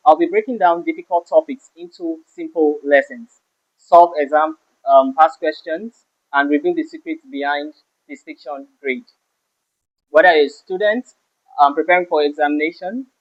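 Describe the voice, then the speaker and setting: High-voiced teacher. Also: male voice. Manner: stresses key words sharply when giving examples. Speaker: English teacher. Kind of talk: exam-prep lesson. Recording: slightly dull lo-fi sound.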